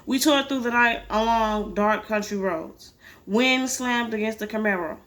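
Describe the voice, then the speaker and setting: A woman's voice: on the high side, unhurried, fairly bright tone. Woman reading a novel aloud, casually. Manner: casual asides with swearing. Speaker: reader.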